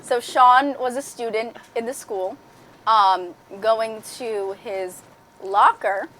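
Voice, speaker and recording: A woman's voice: fairly high pitch, takes it slowly, a bit bright, a little hiss or hum. A young woman hosting a casual chat with friends, telling a story with frequent giggles. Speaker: podcast host.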